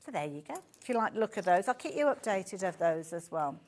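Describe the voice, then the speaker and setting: A woman's voice: on the low side, expressive, quick pace, darkish tone. A woman with a Birmingham accent presenting fabric on a live shopping show, chatty and gushing and easily sidetracked, speaking from a studio. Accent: Birmingham English.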